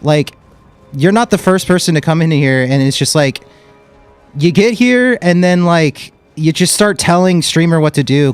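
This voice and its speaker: A man's voice: on the high side, normal speed, smooth, soft background music. A young man streaming a game live, chatting casually and bluntly with viewers and calling them dude and bro. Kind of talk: live gameplay commentary with chat.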